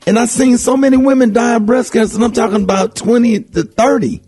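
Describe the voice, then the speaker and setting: High-voiced excitable radio host. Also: male voice, fast talker, slightly rough, dry recording. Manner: animated, repeats words when excited. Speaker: radio morning show host. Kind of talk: excited radio show banter.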